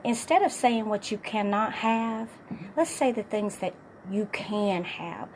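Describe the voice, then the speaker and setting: A middle-aged woman fitness coach talks straight to her viewers in an upbeat, encouraging way. Her voice is hoarse and partly gone, sitting at an ordinary pitch for a woman. A faint noise runs behind the recording. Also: a little mellow. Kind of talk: motivational talk to viewers.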